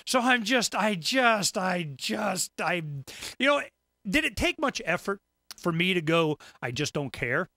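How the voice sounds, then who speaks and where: A man's voice: high voice, lively intonation, measured pace, gravelly, sharp tone, no room sound, clean studio sound. A man hosting a talk radio show, ranting in an emphatic, rambling way with stammered restarts. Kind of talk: casual talk radio rant.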